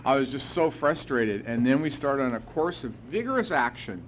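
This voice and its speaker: A middle-aged man telling his own recovery story to a meeting, animated, acting out conversations and chuckling as he goes. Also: mid-range voice, moderate pace, a little hiss or hum, poor audio. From United States. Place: meeting hall.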